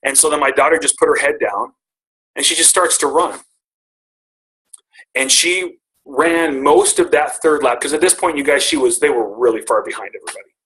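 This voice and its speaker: Middle-aged man, bright tense tone, emotional storyteller who stumbles and restarts. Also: on the high side, moderate pace, rough recording. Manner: earnest and emotional, with many restarts. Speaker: speaker on a team call. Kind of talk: personal storytelling.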